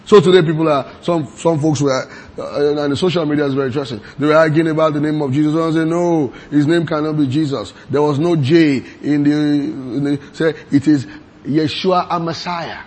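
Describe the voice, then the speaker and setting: A man preaching a sermon, reading scripture aloud slowly and quizzing his congregation with repeated questions. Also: on the high side, fairly even intonation, a little mellow, husky.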